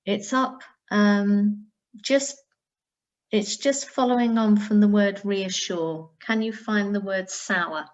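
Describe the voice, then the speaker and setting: Woman teacher, unhurried and deliberate, mid-pitched, breaks words into parts for young readers. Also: steady tone, lo-fi sound. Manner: slow, careful, instructive, sounding out words. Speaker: primary school teacher. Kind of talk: recorded reading lesson for pupils.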